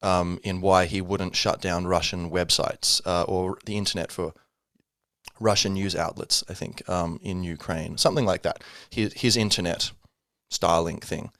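A man's voice: low voice, fairly even intonation, measured pace, fairly bright tone, no echo, clean studio sound. A man hosting a casual solo podcast, rambling with many fillers and self-corrections. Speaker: podcast host.

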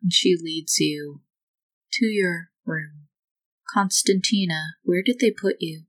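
A woman game master narrates a tabletop game slowly and with atmosphere. Her voice sits a little low and unhurried. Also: low-quality recording.

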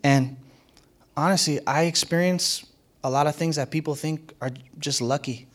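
A man's voice: fairly high pitch, moderate pace. A man preaching a sermon as a pastor, in a conversational and playful way, often laughing and acting out what others said.

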